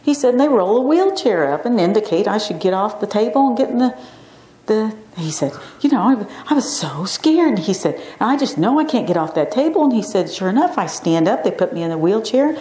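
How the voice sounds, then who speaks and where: A middle-aged woman, an acupuncture physician, giving an informal class lecture and acting out stories with lively quoted voices. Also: mid-range voice, fairly quick. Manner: chatty storyteller, acts out quotes animatedly. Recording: echoey classroom.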